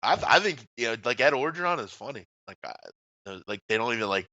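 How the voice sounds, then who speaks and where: A man's voice: medium pitch, lively intonation, quick pace, pushed and bright, dry recording, highs cut off. A man co-hosting a casual sports talk show, blunt and trash-talking, often trailing off at the ends of phrases. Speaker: co-host. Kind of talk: casual sports radio banter.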